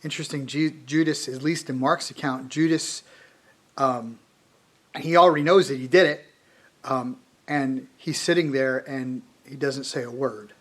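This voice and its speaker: A man's voice: medium pitch, fairly even intonation, measured pace. A man reading a scripture passage aloud in a devotional, with short comments of his own, earnest and with small slips and restarts. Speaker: devotional reader.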